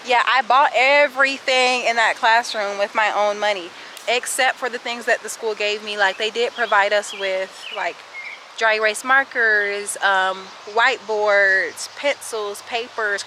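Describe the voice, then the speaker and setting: A woman's voice: mid-range voice, fairly even intonation, unhurried, sharp tone, a little hiss or hum. A young woman in her twenties, a teacher answering viewer questions in a casual vlog, chatty and sassy, out of breath as she walks and talks outdoors with a handheld camera. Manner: chatty, sassy, addresses viewers as sis and y'all. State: out of breath while walking. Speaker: kindergarten teacher and vlogger. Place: outdoors, walking.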